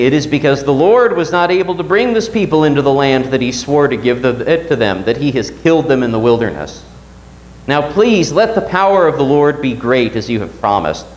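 A man's voice: mid-range voice, roomy sound, poor audio. A man teaching a Sunday Bible class at church, reading scripture aloud and asking the class questions.

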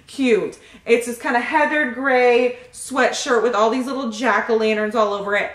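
A young pregnant woman in a casual vlog, excitedly opening baby gifts and thanking each sender. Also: fairly high pitch. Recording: echoey room.

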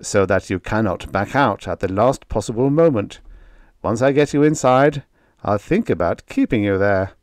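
A man's voice: lowish voice, animated, moderate pace, no room sound, lightly acted. A man voicing a witty, dry-humored male station director in a science fiction story reading. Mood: wry. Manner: dry, mock-formal.

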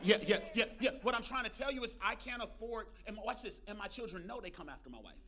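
A man preaching a lively sermon as pastor, calling out to the congregation and joking between points. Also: high-pitched, fast talker. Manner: preachy call-and-response with congregation, humorous asides. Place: church.

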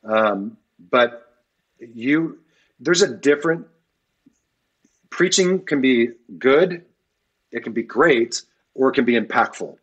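A male pastor talks on a podcast with a husky, breathy voice. He is earnest and leans on repetition to drive his points home, sitting at a middle pitch for a man. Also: animated, slow pace, pauses often, a bit bright. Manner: earnest, repeats key phrases for emphasis. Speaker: pastor, guest. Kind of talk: podcast interview.

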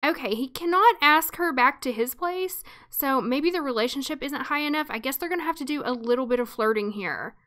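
A woman's voice: high voice, lively intonation, fairly quick, few pauses, sharp tone. A woman hosting a life-sim let's play who chats and narrates the story in an amused way. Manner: chatty, amused. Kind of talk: casual game commentary with storytelling.

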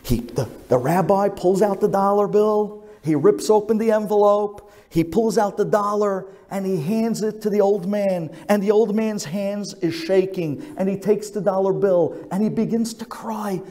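A rabbi telling a story in an animated sermon, swinging between loud and hushed. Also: male voice, high voice, moderate pace, few pauses. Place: synagogue sanctuary. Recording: echoey synagogue hall.

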